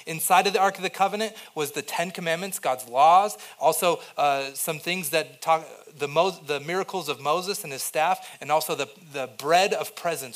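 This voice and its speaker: Preaching in a conversational style, a young man who is a pastor swings between quiet, soft passages and emphatic, louder points. His voice is a little high.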